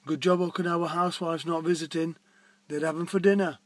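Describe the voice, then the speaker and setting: A man voicing a fussy, officious male park warden, speaking briskly. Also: fairly high pitch, little pitch movement, dry recording, lightly acted. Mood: joking. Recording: distant mic.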